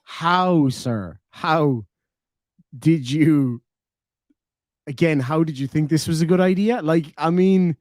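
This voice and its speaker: A man's voice: fairly high pitch, takes it slowly, pauses often, darkish tone, no echo, clean studio sound. An Irish man hosting a casual livestream, reading super chats aloud and bantering with a lot of swearing and laughter. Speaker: livestream host.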